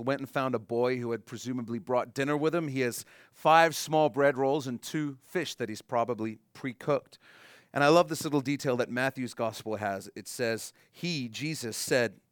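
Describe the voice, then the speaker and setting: A man preaches a sermon with a casual, conversational style at a middle pitch. He acts out short voices and slows down on his key phrases. The sound is dry and close, with little room echo. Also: smooth. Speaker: pastor.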